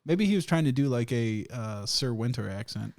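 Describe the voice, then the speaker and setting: Animated, laughing man telling stories. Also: mid-range voice, moderate pace, dry recording, clean studio sound. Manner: animated storyteller, swears a lot, laughs often. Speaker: podcast host. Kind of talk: casual podcast chat.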